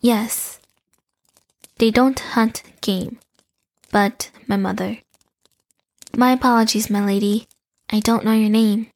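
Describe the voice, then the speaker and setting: A woman voicing a young female shapeshifter in an audio drama, speaking in a calm, courteous and measured way. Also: mid-range voice, no echo.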